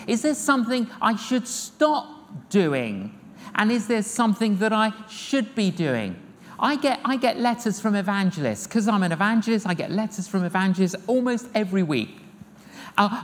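An older man, preaching a sermon as an evangelist, telling stories lively and acting out the dialogue himself. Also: high-pitched, normal speed. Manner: lively storyteller acting out dialogue, repeats phrases. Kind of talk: sermon with humorous storytelling. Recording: long hall reverb with faint noise.

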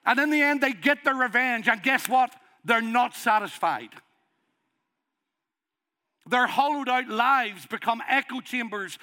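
A middle-aged man with a Northern Irish accent delivers a sermon in a high, bright voice. He preaches with passion and swells into loud, pleading calls. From Northern Ireland.

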